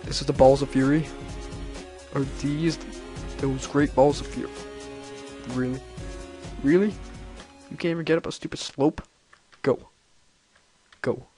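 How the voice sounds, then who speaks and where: A man giving let's-play commentary, excitable and silly, breaking into shrieking high-pitched yelps whenever he fails. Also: measured pace, long pauses, soft background music. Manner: silly self-mocking banter. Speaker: gameplay commentator.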